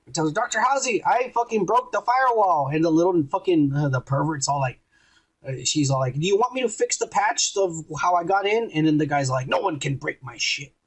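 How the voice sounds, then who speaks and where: A man's voice: on the high side, expressive, a little fast, poor audio. A man co-hosting a podcast, recapping an episode in rambling, profane casual chat and acting out quotes. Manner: crude, rambling, acts out quotes. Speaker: podcast co-host.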